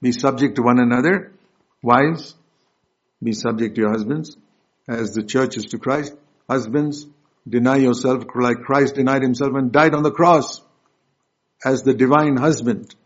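A man preaching a sermon, emphatic and direct, questioning his congregation, with loud stresses and soft asides. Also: mid-range voice, unhurried. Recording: dull lo-fi recording.

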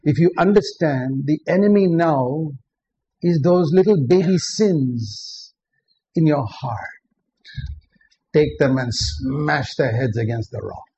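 A man's voice: a little high, expressive, slow pace, creaky, dark tone, husky. A man preaching a sermon, earnest and direct, often putting questions to the listeners. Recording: dull lo-fi recording with faint background noise.

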